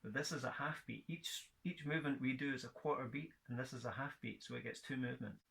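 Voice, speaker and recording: Man, guitar teacher, from Scotland, counts in and chants beats, mid-pitched voice. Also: quick pace, gravelly, fairly bright tone. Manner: counts in and chants rhythm words in time. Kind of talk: guitar rhythm lesson.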